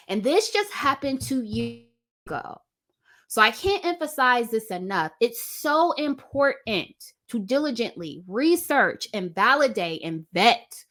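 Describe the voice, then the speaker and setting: A woman's voice: mid-range voice, fairly bright tone. A woman hosting a commentary channel, talking straight to her viewers and repeating her points for stress. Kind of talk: direct-to-camera commentary.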